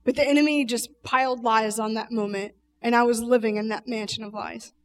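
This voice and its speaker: A woman's voice: fairly high pitch, fairly even intonation, fairly quick, recorded from a distance, a little hiss or hum. A woman telling an emotional personal testimony, earnest and emphatic, speaking straight to the audience.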